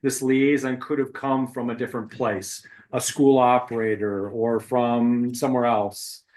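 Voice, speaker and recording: A man's voice: medium pitch, flat delivery, darkish tone, low-quality recording. Guy at a board meeting, lots of uhs, plain mid voice. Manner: halting, many uhs and restarts. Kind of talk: thanking remarks at a meeting.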